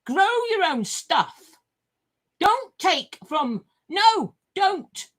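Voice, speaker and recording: Older woman, high and very animated, swearing and rambling vlog monologue. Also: very slow. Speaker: vlogger.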